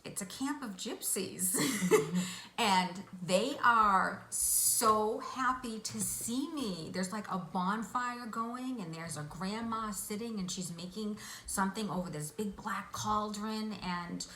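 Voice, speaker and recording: A woman guest vividly recounting a hypnosis vision in an interview, excitable as she tells it. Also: mid-range voice, slow. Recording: echoey room, faint hiss.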